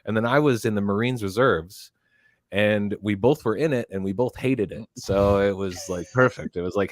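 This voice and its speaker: A man who is a comedian, chatting as a podcast guest in a joking, animated way. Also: on the low side, normal speed, no room sound. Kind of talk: casual chat.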